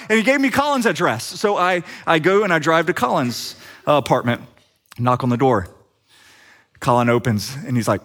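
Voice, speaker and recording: A middle-aged man preaching, telling a personal story with lively acted-out dialogue. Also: mid-range voice, fairly quick. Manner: animated storyteller acting out quoted dialogue. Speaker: pastor. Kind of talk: sermon storytelling.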